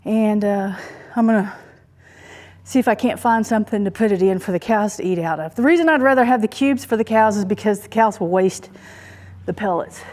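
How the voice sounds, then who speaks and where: A woman's voice: medium pitch, fairly quick, darkish tone. A woman from Oklahoma talking casually while she does farm chores, a little out of breath and rambling with many fillers. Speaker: homesteader vlogger. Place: outdoors on a farm.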